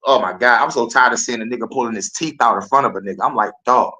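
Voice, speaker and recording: A man's voice: mid-range voice, fast talker, bright, forceful tone, rough recording. A young man hosting a podcast, talking loosely and profanely over clips and laughing often. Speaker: podcast host. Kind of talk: casual commentary over played clips.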